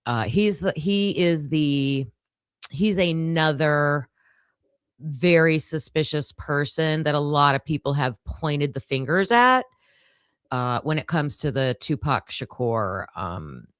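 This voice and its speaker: A woman's voice: low voice, animated, slow pace, smooth, no room sound, clean studio sound. A woman hosting a casual livestream with a groggy morning voice, chatting to her viewers with lots of fillers. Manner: chatty, filler-heavy, talks to chat. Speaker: livestream host.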